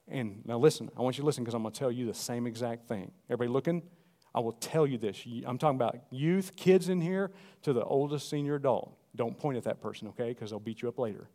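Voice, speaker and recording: A middle-aged man preaching a sermon, animated and calling out to the congregation. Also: mid-range voice, fast talker. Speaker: pastor.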